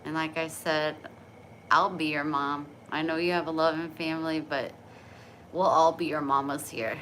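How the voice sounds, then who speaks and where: Low-voiced woman chatting on a noisy livestream. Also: steady tone, normal speed, a bit bright. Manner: chatty, encouraging, laughs easily. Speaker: livestreamer reading viewer comments. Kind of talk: casual livestream chat.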